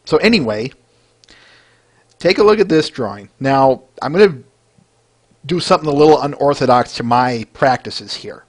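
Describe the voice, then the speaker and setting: Sex: man. Role: podcast host. Style: casual, enthusiastic chat. Pitch: medium, lively. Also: moderate pace, pauses often. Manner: enthusiastic, chatty, with fillers and laughs. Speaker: podcast host reviewing fan art.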